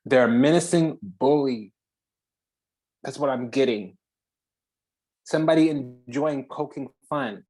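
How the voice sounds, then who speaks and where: A spiritual channel host giving a heated, profane reading, swinging between loud declarations and hushed asides with dramatic pauses. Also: mid-range voice.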